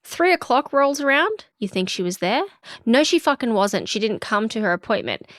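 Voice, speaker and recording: In a casual podcast conversation, a female co-host with a voice on the high side recounts a story that infuriates her, animatedly performing the quotes of everyone involved. She speaks at a normal speed, and the studio-quality recording has no echo.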